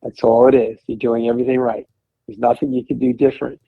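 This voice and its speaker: Gravelly husky guy rambling thru a story, tinny phone sound, dry. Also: medium pitch, flat delivery, fast talker, no room sound. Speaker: podcast host as guest. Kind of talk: casual chat.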